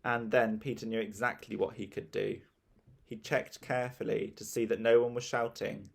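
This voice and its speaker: A man narrating a children's storybook in a lively, expressive reading. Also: on the low side, normal speed, creaky. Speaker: audiobook narrator.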